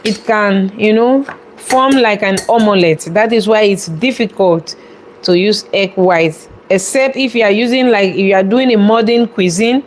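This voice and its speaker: A woman chef hosting a live cooking demonstration from a restaurant kitchen, chatty and quick to laugh as she talks viewers through each step. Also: medium pitch, a little hiss or hum. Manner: chatty, laughs often, warmly thanks viewers.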